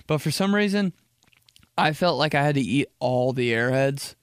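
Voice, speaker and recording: A young man hosting a podcast, rambling through a comic story and dropping into slow, low voices when he quotes people. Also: animated, smooth, no echo, clean studio sound. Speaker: podcast host. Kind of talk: casual comedic monologue.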